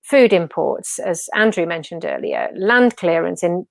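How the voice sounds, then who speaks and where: A woman's voice: fairly low pitch, wildly swooping pitch, measured pace, creaky, dry recording. Enthusiastic woman hosting an event. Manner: enthusiastic, with many fillers and repeated words. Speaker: event host. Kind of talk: hosting a live community event.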